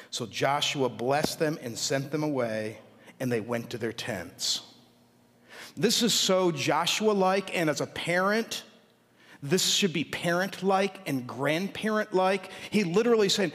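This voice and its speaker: A male pastor preaching a sermon, reading scripture aloud with lively asides. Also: a little high, normal speed. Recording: long hall reverb.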